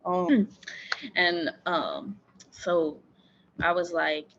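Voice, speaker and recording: A woman's voice: lowish voice, normal speed, fairly bright tone, dull audio, slight background noise. Earnest young woman telling her story. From Florida. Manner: earnest, emotional, reflective. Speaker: interview guest, sports team owner. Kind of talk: candid personal storytelling.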